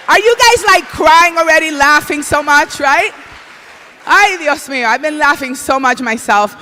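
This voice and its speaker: A man's voice: very high voice, expressive, moderate pace, noisy background. A man from the Republic, hosting a comedy show on stage and joking with the crowd in a flamboyant way. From Dominican Republic. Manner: flamboyant, exclaims in Spanish. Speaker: comedy awards host. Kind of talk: stand-up hosting. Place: comedy stage before a live audience.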